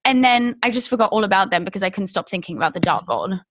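A woman's voice: mid-range voice, animated, quick pace, a bit bright. A young woman co-hosting a podcast over a video call, sarcastic and swearing a lot in casual chat. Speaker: podcast co-host.

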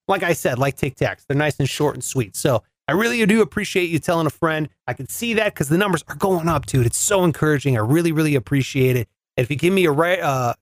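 A man's voice: on the high side, no room sound, studio quality. A man hosting a podcast, telling a comedic story in a chatty, sarcastic way. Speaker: podcast host.

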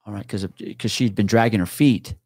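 A man's voice: lowish voice, brisk, darkish tone, no room sound, studio quality. A man guest on a podcast, a retired police officer telling a story in casual talk, swearing freely and acting out what others said.

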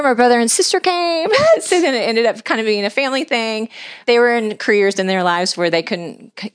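A woman's voice: deep voice, clean tone, dry recording, clean studio sound. A middle-aged woman telling long, heartfelt stories as a podcast guest, earnest and sincere. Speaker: podcast guest, angler and mission leader. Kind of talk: conversational storytelling.

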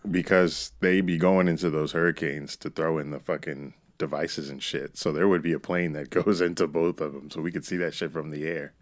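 A young man co-hosting a podcast, talking in loud, crude, rambling banter. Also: extremely low pitch, steady tone, brisk, hardly any pauses, no room sound, studio quality. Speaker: podcast co-host. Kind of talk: casual chat.

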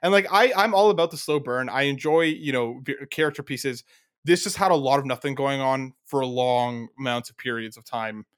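A man's voice: mid-range voice, clean tone. A man co-hosting a podcast who chats casually, teases his guest and laughs easily. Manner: teasing, quick to laugh, friendly ribbing. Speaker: podcast co-host. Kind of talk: casual chat.

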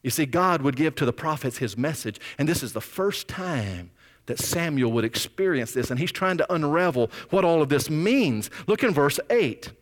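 A male pastor preaching a sermon in a conversational, animated storytelling way, with scripture readings. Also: a little high, moderate pace, big-room sound.

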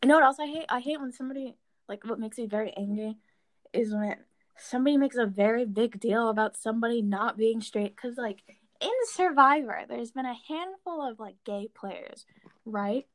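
A young woman rants in a casual chat, heated and exasperated, with "like" scattered through her sentences. Her voice sits fairly high. The recording is dry and close, with no room sound. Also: moderate pace, no room sound. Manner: heated, exasperated, lots of fillers.

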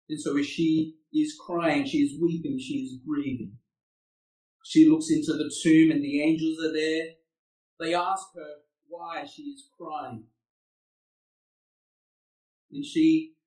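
A man's voice: on the high side, darkish tone. A man preaching a sermon, earnest and asking his listeners rhetorical questions. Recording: echoey room, far from the mic.

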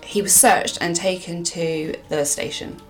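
A woman from England telling a true crime case in a casual chat, with dramatic pauses. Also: on the low side, fairly even intonation, soft background music.

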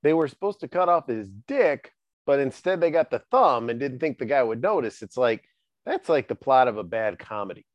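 A man hosting a casual chat, joking and animated as he talks. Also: mid-range voice, moderate pace, no room sound. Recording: dry, dull lo-fi sound.

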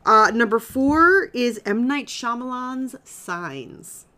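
A woman's voice: a little high, lively intonation, takes it slowly, bright, forceful tone. Upbeat woman chatting on a podcast. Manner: enthusiastic, reads out a list. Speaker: podcast co-host. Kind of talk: casual chat.

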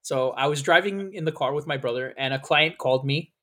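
A man's voice: a little high, brisk, pushed and bright. A man hosting a podcast in casual chat, rambling through stories with frequent swearing and laughter. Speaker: podcast host.

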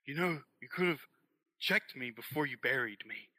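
A sly impostor, smoothly friendly , as a man puts him on. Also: mid-range voice, lively intonation, normal speed, pushed and bright, no room sound, studio quality, voice pushed up. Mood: coaxing.

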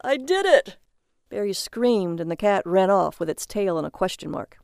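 A woman's voice: lowish voice, moderate pace, creaky, darkish tone, clear, resonant tone, dry recording. A woman reading a comic short story aloud as narrator, in a dry, matter-of-fact manner.

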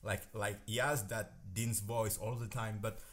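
Man, native French speaker, podcast host, excitable, stumbling, repeats words. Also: lowish voice, unhurried. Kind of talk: casual chat on a call.

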